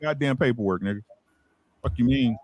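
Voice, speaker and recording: A man's voice: medium pitch, brisk, a little mellow, no room sound. A man in casual, profane banter about a boxing match, impatient and repeating himself. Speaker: boxing show co-host.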